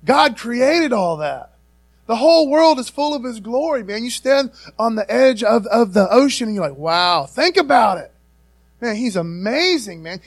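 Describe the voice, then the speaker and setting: A high-pitched middle-aged man delivering a sermon. He talks in a folksy, casual way and keeps throwing in "man" and "amen." He swings between booming emphasis and quiet, quick asides. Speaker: pastor.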